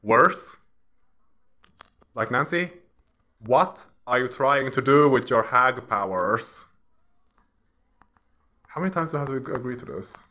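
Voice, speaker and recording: A man's voice: mid-range voice, lively intonation, a little slow, pauses often, sharp tone. A man giving a casual, mocking rant as he browses online, often laughing at his own jabs. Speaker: vlogger. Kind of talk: casual ranting commentary while browsing.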